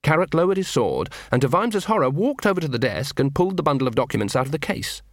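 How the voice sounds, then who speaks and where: A man reading a novel aloud as an audiobook narrator, in a measured, dramatic storytelling manner. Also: a little high, very animated, no echo, studio quality. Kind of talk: scripted narration.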